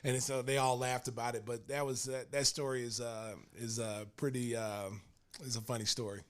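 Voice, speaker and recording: A man hosting a podcast, telling a story with animated energy and acting out other people's lines. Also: mid-range voice, normal speed, clear, resonant tone. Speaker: podcast host.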